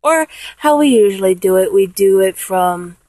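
A woman giving patient, step-by-step voice instruction in a breathy voice. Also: mid-range voice, animated, moderate pace, darkish tone, no room sound, poor audio. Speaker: vocal instructor. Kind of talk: instructional talk.

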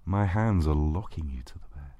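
Man, very deep voice, dark husky tone, slow hushed erotic narration, breathy whispers. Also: expressive, no room sound, highs cut off. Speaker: narrator of an erotic audio story.

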